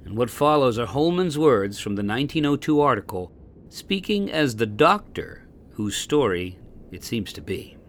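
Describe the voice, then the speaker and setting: A man reading an old-fashioned first-person story aloud with expressive storytelling. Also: medium pitch, normal speed, a little hiss or hum.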